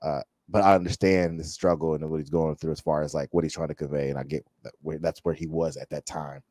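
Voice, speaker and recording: A man's voice: extremely low pitch, little pitch movement, fast talker, a little mellow, no echo. A man hosting a reaction video, thinking aloud and talking straight to his viewers, often repeating words as he searches for them. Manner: addresses the viewers directly. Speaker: reaction channel host. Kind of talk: casual reaction commentary.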